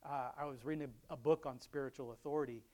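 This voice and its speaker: A man's voice: medium pitch, fairly even intonation, fast talker, mellow. A middle-aged man giving a casual devotional talk, rambling, chuckling often and restarting his sentences. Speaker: Christian speaker.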